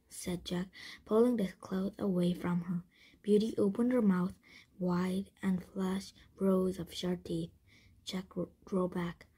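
Slow, breathy woman reading a storybook. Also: medium pitch. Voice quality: breathy, husky. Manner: gentle, with occasional slips and restarts. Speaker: storybook reader. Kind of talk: storybook read-aloud.

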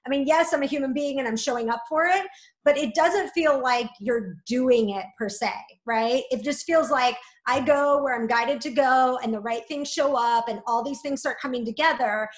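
A woman guest talking in a flowing, gently encouraging way, often adding "like" and "right?". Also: sits high, moderate pace, reverberant. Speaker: guest, spiritual coach. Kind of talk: reflective conversational interview.

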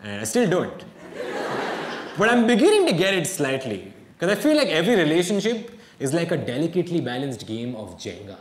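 Young male stand-up comic, slightly high voice, deadpan with exasperated bursts, roomy live theatre with audience noise behind. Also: fairly quick. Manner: deadpan, with sudden exasperated outbursts in quoted asides. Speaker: stand-up comedian. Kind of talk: stand-up comedy routine. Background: audience laughter.

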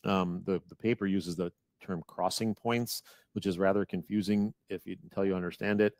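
A man's voice: sits low, steady tone, moderate pace, darkish tone, no echo, studio quality. A man with a Wisconsin accent, presenting at a webinar and rambling through a casual explanation with many restarts over a video call. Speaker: guest presenter.

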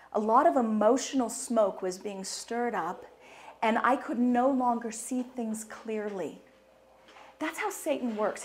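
A middle-aged woman gives an upbeat inspirational talk, her somewhat high voice swinging widely in pitch. She laughs often and keeps asking the audience questions. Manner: animated, laughing, quizzes the audience. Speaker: speaker at a women's conference.

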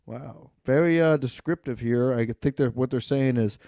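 A man's voice: medium pitch, a little slow, hardly any pauses, darkish tone, dry recording, clean studio sound. A man on a podcast in casual chat, reading out viewer messages and asking questions.

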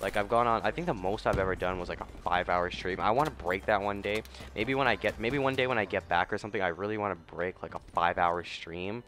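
A man's voice: sits low, fast, fairly bright tone. A young man giving casual, rambling commentary over his gameplay, with bursts of profane trash talk. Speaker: gaming YouTuber and streamer.

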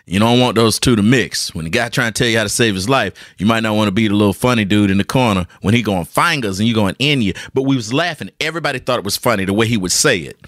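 A man's voice: fairly low pitch, fast talker, few pauses, no room sound, studio quality. A man hosting his own podcast, telling a casual, jokey story to his listeners. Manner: animated, jokey, repeats words, talks to listeners. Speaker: podcast host. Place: hot room at home with a ceiling fan.

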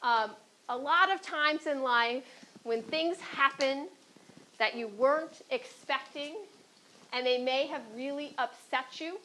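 A woman's voice: a little high, bright, forceful tone, slight background noise, rough recording. A woman from Chicago with a Chicago accent, speaking on a panel as a former court clerk and telling stories, often checking in with "right?". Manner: anecdotal, often adds "right?".

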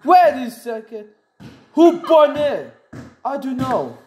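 A woman playing a horror game, reacting in quick exclamations and curses. Her voice is a little high and lively, swinging widely in pitch, though she talks slowly overall. Loud noise runs under the whole recording. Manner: excitable, exclamatory, swearing. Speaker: gamer. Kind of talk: let's play commentary.

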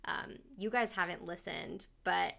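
Animated female co-host, bright tone with vocal fry. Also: on the low side. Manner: animated storyteller, quick asides. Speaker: podcast co-host. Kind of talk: casual chat.

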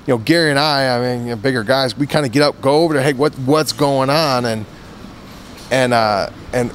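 A man's voice: medium pitch, fairly bright tone, a little hiss or hum. Rambling man telling a fight story. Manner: rambling anecdotes full of "you know" and restarts. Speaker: interview guest, former fighter. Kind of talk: casual storytelling interview.

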